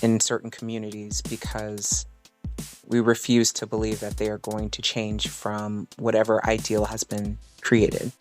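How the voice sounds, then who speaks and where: A man's voice: on the low side, monotone, measured pace, soft background music. A man in a casual group discussion, working through his thoughts aloud with hesitant fillers. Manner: thinking aloud, hedging with fillers. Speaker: panel guest.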